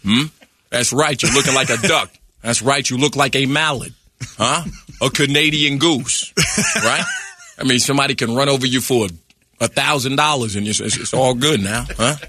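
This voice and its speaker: A man doing an impression of a famous older male film actor, talking slowly and teasingly and tagging lines with "huh?". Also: mid-range voice, sharp tone, slight background noise, close to an everyday voice. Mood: sly. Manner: slow, teasing, keeps asking "huh?". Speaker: comedian guest. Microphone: studio microphone.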